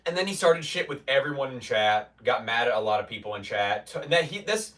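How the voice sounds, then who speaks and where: A man's voice: medium pitch, animated, a little fast, a bit bright, far from the mic. Rambling streamer man, away from the mic. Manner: rambling, restarts, mock-quotes chatters. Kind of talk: casual chat with stream viewers. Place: home gym in a basement.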